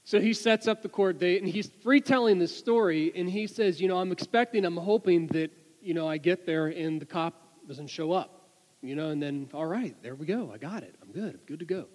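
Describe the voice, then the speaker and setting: A man giving a sermon, telling an anecdote with lively delivery and many restarts and repeated words. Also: high voice, fairly quick, big-room sound, low-quality recording. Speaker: preacher. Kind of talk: sermon with storytelling.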